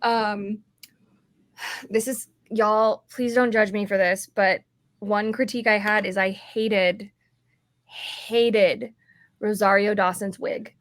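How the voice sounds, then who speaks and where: Speaking slowly in a steady, medium-pitched voice, a woman co-hosts a podcast. Her casual talk is rambling and full of fillers, and she yawns, seeming a little tired.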